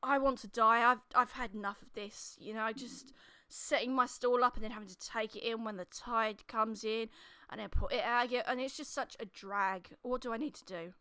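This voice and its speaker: A woman's voice: a little high, fairly even intonation, normal speed, bright, forceful tone. A woman running a tabletop game as dungeon master, narrating scenes in a casual storytelling way and voicing the people in them.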